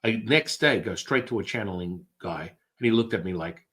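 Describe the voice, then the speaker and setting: A middle-aged man, a guest, telling stories with excitable energy and casual swearing. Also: fairly low pitch, normal speed. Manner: excitable, swears, acts out quotes in other voices. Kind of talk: animated storytelling.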